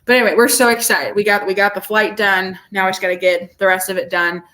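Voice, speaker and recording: A woman co-hosting a casual podcast, with a bright, forward tone. She sounds bubbly and gushing, and she circles back over her words when excited. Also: medium pitch, quick pace. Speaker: podcast co-host. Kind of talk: casual chat.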